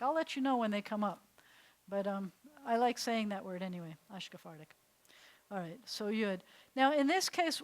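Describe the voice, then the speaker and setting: An American woman, a rabbi, teaching a beginners' Hebrew class in a lively, chatty way. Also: mid-range voice, poor audio. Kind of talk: classroom lesson. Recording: faint hiss.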